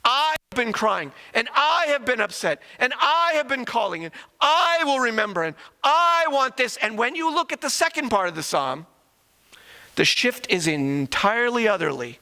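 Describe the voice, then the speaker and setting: A man's voice: very high-pitched, big pitch swings, normal speed, sharp tone, clear, resonant tone. A male pastor from Canada preaching a sermon, firing rhetorical questions with emphasis, recorded in a church sanctuary. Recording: long reverb of a church hall.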